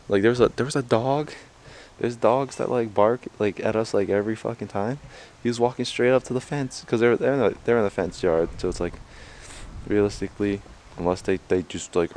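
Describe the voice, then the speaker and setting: A man's voice: on the low side, darkish tone, slight background noise. A young man talking casually and profanely to the camera outdoors, rambling with lots of fillers. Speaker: martial arts tricking vlogger.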